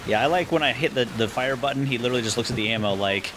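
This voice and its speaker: A man co-hosting a podcast, chatting casually while playing a game, animated and quick to laugh. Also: mid-range voice, background noise. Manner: animated, laughs often, thinks aloud. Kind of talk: casual gameplay chat.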